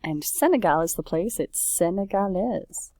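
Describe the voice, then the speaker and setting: A woman's voice: on the low side, animated, moderate pace, warm tone, dry recording. A woman French teacher talking casually through a worksheet, correcting herself and saying oops as she goes. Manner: chatty, self-correcting, says oops often.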